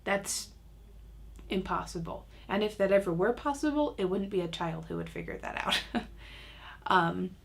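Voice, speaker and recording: Gravelly-voiced woman teaching parents. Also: medium pitch, lively intonation, moderate pace. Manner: casual, chatty, self-mocking humor. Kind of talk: recorded online lesson.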